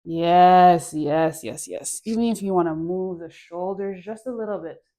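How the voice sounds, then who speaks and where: A young woman guides a home dance class, chatting and cheering the viewer on as she moves. Her voice is mellow and relaxed, and she sighs softly between cues. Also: on the low side, a little slow. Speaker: dance instructor.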